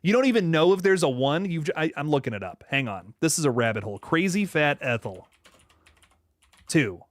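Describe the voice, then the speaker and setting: A young man hosting a horror livestream, chatting casually and reading viewer comments aloud, often laughing and dropping into low asides. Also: lively intonation, fast talker, no echo. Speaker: horror channel host reading live chat.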